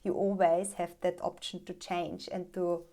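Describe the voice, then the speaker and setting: A woman's voice: lowish voice, flat delivery, a little slow, dark tone. A woman hosting a podcast, reflecting in long, flowing thoughts during a conversational interview. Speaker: podcast host.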